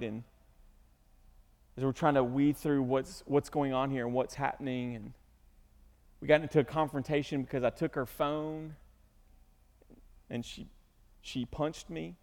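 A man's voice: mid-range voice, fairly even intonation, moderate pace, pauses often, darkish tone, big-room sound. A man preaching a sermon as pastor, speaking earnestly and emotionally, at times rising into pleading cries.

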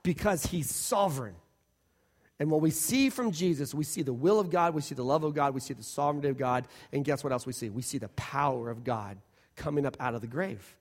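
A man preaching a sermon in a church, conversational and animated, building to emphatic declarations. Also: medium pitch, brisk. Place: church worship center.

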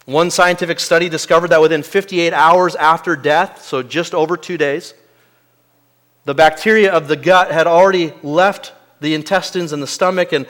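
Man preaching a sermon, fairly high voice. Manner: earnest, varies between soft asides and loud emphatic peaks.

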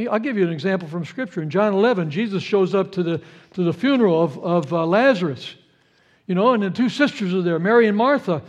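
A male pastor preaches an earnest sermon in a voice that sits high, repeating key phrases and moving from hushed tones to rising feeling.

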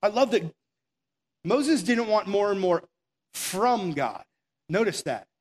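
A man's voice: sits high, animated, slow pace. A man preaching a sermon in an earnest, conversational way, acting out quoted prayers as he goes. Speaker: pastor.

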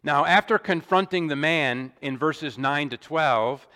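A man preaching an expository sermon in a measured, deliberate way, with emphatic rises and small restarts. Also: a little high, sharp tone. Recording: long hall reverb.

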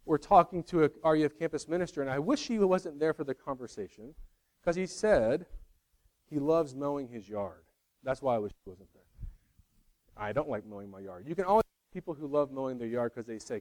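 A middle-aged male pastor preaches in a relaxed, conversational way. He slips in self-deprecating jokes and acts out quoted lines. His voice sits a touch high for a man. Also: moderate pace. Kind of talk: sermon.

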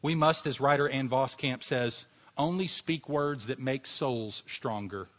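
A man preaches to his congregation in a mid-pitched voice. He is earnest and exhorting, and he builds at times to fervent emphasis before he closes in prayer. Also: measured pace, fairly bright tone. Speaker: pastor. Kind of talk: sermon with closing prayer.

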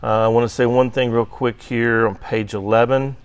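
A man's voice: medium pitch, steady tone, normal speed. A man teaching an adult Sunday school class, reading scripture aloud with emphasis and checking in with "right?". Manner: reads scripture aloud with emphasis, frequent "right?" tag questions; occasionally clears throat. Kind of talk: Bible class lecture.

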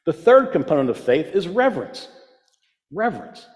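A man's voice: fairly high pitch, very animated, moderate pace, a little mellow. A man preaching a sermon, emphatic, repeating his key phrases for weight. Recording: long reverb of a large hall.

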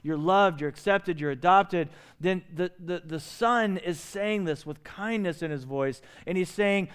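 A man's voice: high-pitched, unhurried, few pauses, fairly bright tone, smooth. A middle-aged male pastor delivering a sermon, pleading and impassioned, with many rhetorical questions.

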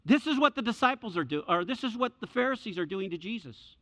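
The preacher, a middle-aged man, has a high-pitched, fairly bright voice and speaks quickly and expressively. He repeats key lines and acts out voices as he tells stories in his sermon, heard through dull lo-fi audio with hall reverb.

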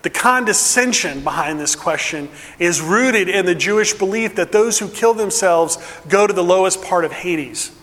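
A male pastor preaching a sermon earnestly, dropping to a hush and then building with emphasis. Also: sits high, animated, moderate pace, hardly any pauses, long reverb tail.

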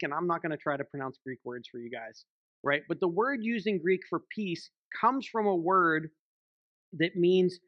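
In a dry, lo-fi recording, a man with a higher-pitched voice preaches as a church elder, talking conversationally and regularly asking the congregation "right?"

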